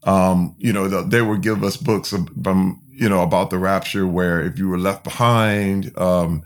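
Another podcast guest from Flint, Michigan, USA, this man has a deep voice and fairly even intonation at a normal speed. He recounts his own story with candor and emphasis, his speech full of fillers and restarts.

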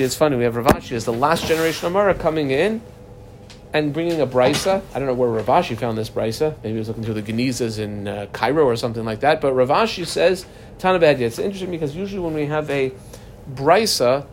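A man's voice: medium pitch, fast, slight background noise. A man teaching a Talmud class, reading Aramaic lines aloud and then explaining them in plain English.

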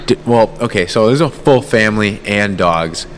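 Hesitant man with a low voice. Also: moderate pace, a little hiss or hum. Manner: hesitant, with restarts. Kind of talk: casual chat.

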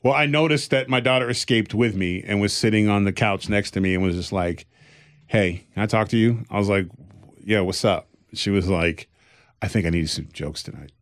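A male comedian with a somewhat low voice tells stories at a moderate pace in a casual podcast chat. He rambles a little, restarting and using fillers, and acts out the people he quotes.

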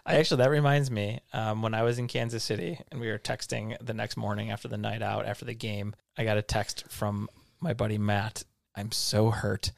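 A man's voice: on the low side, steady tone, fairly quick, vocal fry, no echo, studio quality. A man co-hosting a podcast, chatting casually and agreeably, laughing easily. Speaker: podcast co-host. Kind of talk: casual chat.

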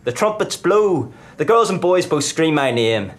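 A man's voice: on the high side, very animated, unhurried. A man playing a hard-drinking 24-year-old footballer star tormented by fame, in a live stage play performed in a pub. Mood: boastful bitter. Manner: bitter, self-mocking, brooding.

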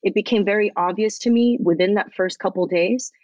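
A woman's voice: mid-range voice, fairly quick, a little mellow, no room sound, muffled recording. A woman guest telling a story in a casual interview, acting out quotes and swearing casually. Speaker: guest, comedian and activist.

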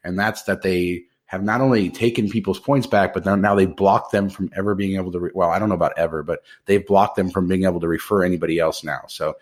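A man co-hosting a podcast, explaining things in a measured, casual way. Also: deep voice, fairly even intonation. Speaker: podcast co-host. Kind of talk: casual chat.

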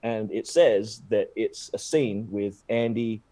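A young adult man with an Australian accent, a guest actor telling an animated, casual story with lots of laughter. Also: on the low side, takes it slowly, no echo. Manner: animated, laughing, acts out quoted voices.

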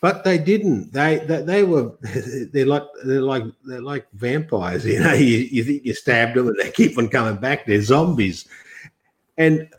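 An older man from Australia, a guest in a political interview, talking in long rambling sentences full of restarts and quoted asides. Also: medium pitch.

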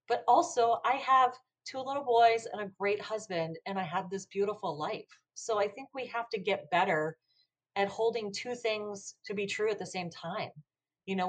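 An American woman speaking reflectively as a podcast guest, often pausing with "you know". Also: mid-range voice. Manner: reflective, with frequent you-knows. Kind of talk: conversational interview.

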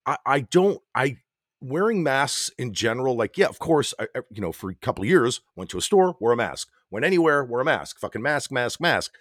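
Blunt, lively man co-hosting a podcast. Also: mid-range voice, a little fast, dry recording, clean studio sound. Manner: blunt and swearing, animated, trails off and restarts. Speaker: podcast co-host. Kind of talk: casual chat between spouses.

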